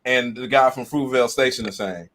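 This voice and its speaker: A man's voice: medium pitch, a little fast, noisy background. A man in a casual live-stream chat, arguing his points emphatically and repeating himself.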